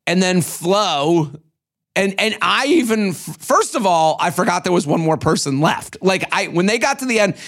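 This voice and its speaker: A man co-hosting a podcast in casual chat, animated and swearing as he acts out quotes from a reality show. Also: sits high, normal speed. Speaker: podcast co-host.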